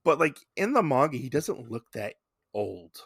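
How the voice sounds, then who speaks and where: A man's voice: medium pitch, very animated, a little slow, vocal fry, fairly bright tone, slightly rough, no room sound, studio quality. A man co-hosting a casual podcast, chatting in a rambling way with many fillers. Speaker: podcast co-host. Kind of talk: casual chat.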